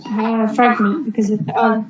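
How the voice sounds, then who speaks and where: A woman's voice: fairly high pitch, level tone, measured pace, roomy sound, distant mic, dull audio, over a noisy crowd. A woman student in an online class, thinking aloud with hesitant restarts. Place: video call.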